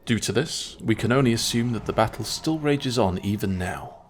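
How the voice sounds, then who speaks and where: A man narrating a gaming video as a mock news report, with a deadpan, mock-serious war-correspondent delivery. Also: on the low side, normal speed, a little hiss or hum. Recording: voice-over with background electronic music.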